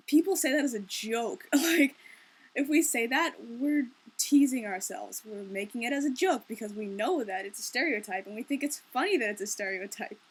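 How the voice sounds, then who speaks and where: With a husky voice on the high side, a young Minnesota woman from the Twin Cities area chats in a casual, unscripted vlog. Her manner is wry, easygoing and full of jokes.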